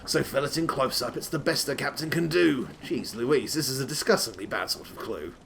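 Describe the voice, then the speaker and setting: Reading a game walkthrough, a man performs rhyming verse as a comic, theatrical act in a fake rustic, old-timey accent that keeps slipping. His mid-range voice is fairly quick and a bit bright, with vocal fry and a little hiss or hum on the recording. He keeps breaking off into sweary, laughing asides.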